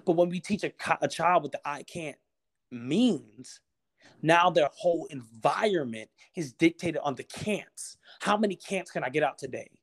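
A man's voice: a little high, lively intonation, normal speed. A man talking as a podcast guest, passionate and preacher-like, acting out the voices he quotes. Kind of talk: casual motivational conversation.

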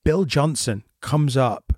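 An earnest man talks reflectively in a casual podcast conversation. His voice carries a husky grain at a middling pitch and sounds dry and close. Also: slow pace, darkish tone, no echo. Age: 30s. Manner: earnest, reflective, laughs easily. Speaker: podcast co-host, theatre director.

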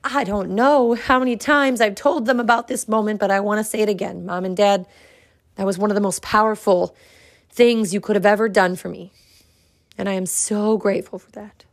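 A woman in her thirties, a podcast host, telling a personal story in an earnest, reflective way with dramatic pauses. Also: mid-range voice, fairly even intonation.

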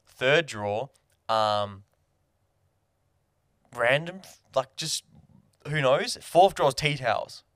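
A young Australian man co-hosting a podcast in casual chat, telling stories with lively acted-out exclamations. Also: medium pitch, takes it slowly, pauses often, no echo, studio quality. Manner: animated storytelling, acts out his own shouts. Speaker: podcast co-host.

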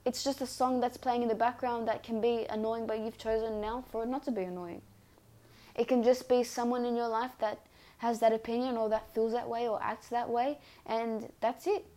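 A woman with a fairly high voice that sounds mellow and warm rather than bright. She talks listeners through self-help advice in an earnest, repetitive, coaching manner, speaking as the host of her own podcast. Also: fairly even intonation, normal speed. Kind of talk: reflective self-help monologue.

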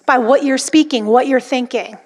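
High-voiced woman preaching with emphasis. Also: moderate pace, a little mellow. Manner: emphatic, dramatic quoting of inner voices. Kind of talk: sermon.

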